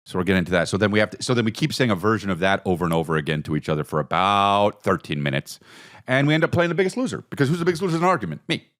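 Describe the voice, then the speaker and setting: A man's voice: on the low side, rapid-fire, fairly bright tone. A man hosting a podcast, rambling through a profane, comedic solo monologue that jumps between topics. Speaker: podcast host.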